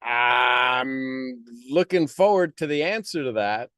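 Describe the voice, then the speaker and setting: A man's voice: medium pitch, slow, fairly bright tone, dry recording, studio quality. A man giving a motivational monologue on a live stream, preaching with repeated rhetorical questions.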